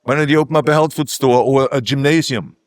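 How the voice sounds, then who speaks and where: A man's voice: mid-range voice, fast talker, dry recording, studio quality. An older man with a German accent, a native German speaker, giving an emphatic ceremonial speech with self-mocking humor. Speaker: guest speaker. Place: outdoor ceremony.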